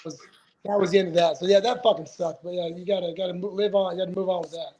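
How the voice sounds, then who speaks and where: A man's voice: high-pitched, fairly even intonation, fast talker, warm tone, rough recording. A man in his forties, a retired fighter, telling stories as a podcast guest in a rambling, profane way, full of restarts. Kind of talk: casual storytelling interview.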